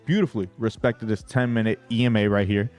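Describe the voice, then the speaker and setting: A man's voice: on the low side, fairly even intonation, fast talker, a little mellow, faint music behind. A young man hosting a trading livestream, talking brashly to his chat, swearing often and hyping himself up.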